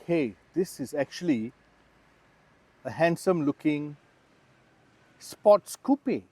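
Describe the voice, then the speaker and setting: A man's voice: on the high side, darkish tone, no echo. A man giving a chatty, explanatory car review, talking straight to the viewer beside and inside the car. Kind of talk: casual car review walkaround.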